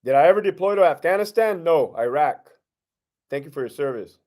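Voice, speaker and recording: A man's voice: a little high, animated, a little fast, darkish tone. A middle-aged man, a former prison lieutenant, hosting a casual live-stream Q&A, talking bluntly with heavy profanity and streetwise slang. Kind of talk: casual live-stream Q&A reading viewer questions.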